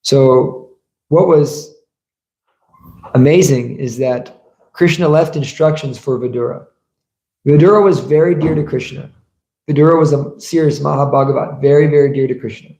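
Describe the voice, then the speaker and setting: A man's voice: medium pitch, normal speed, mellow. A man giving a scripture class as a sermon, telling stories and asking the audience questions. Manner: storytelling, asks the audience rhetorical questions. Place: temple hall. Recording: echoey room.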